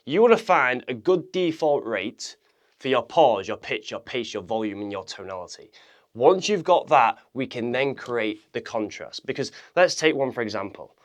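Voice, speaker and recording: A man teaching public speaking to camera, addressing the viewer directly in an energetic way and deliberately swinging his pitch, volume and pace to demonstrate each point. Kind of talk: instructional talk to camera.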